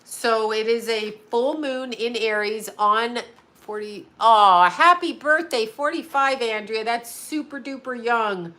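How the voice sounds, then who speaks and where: A woman's voice: fairly high pitch, fairly even intonation, measured pace, fairly bright tone. A middle-aged woman hosting a casual live stream from her home, rambling and chatty, often laughing. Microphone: home video call setup.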